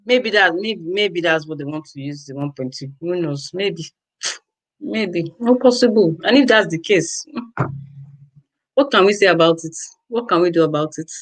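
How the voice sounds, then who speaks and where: A woman's voice: medium pitch, poor audio. A Nigerian woman vlogging to her viewers, ranting in an exasperated, exclamatory way, with lots of repetition. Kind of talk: casual ranting commentary to viewers.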